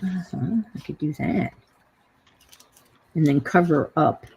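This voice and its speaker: Low gravelly woman with a New York accent. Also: slow, darkish tone, rough recording. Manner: rambling, trails off and searches for words. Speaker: host of a craft livestream. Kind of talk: casual crafting chat.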